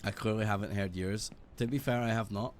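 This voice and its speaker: A British man streaming a game, chatting casually in a rambling, sweary, animated way. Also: on the low side, a little fast, a little hiss or hum. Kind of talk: casual gaming stream chat.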